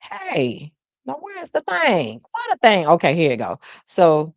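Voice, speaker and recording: Lively woman podcast host, low voice. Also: normal speed, dry recording. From South Florida. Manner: talkative, animated, addresses viewers directly. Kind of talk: casual live podcast chat.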